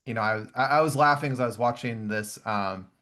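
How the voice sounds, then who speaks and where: A man hosting a podcast with an easygoing, conversational delivery at a middle pitch. When he retells a scene, he gets animated and acts out the quoted voices. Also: brisk. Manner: warm, animated storyteller who acts out voices. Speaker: podcast host. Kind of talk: conversational interview.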